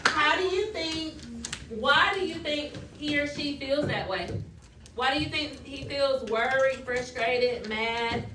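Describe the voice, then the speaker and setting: A woman teaching a class of children, coaxing answers with questions, recorded from far off in an echoey classroom with loud noise. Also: sits high, slow.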